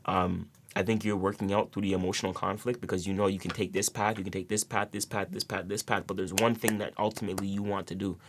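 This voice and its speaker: A man's voice: low-pitched, flat delivery, fast talker, hardly any pauses, a little hiss or hum. A man giving a casual tarot reading to his viewers, rambling with repeated words and many fillers. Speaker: tarot reader.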